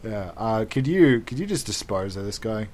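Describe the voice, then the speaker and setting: A man's voice: on the low side, sing-song, normal speed, a little mellow. A man improvising comedy scenes, rambling with plenty of fillers. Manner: rambling, full of fillers and giggles.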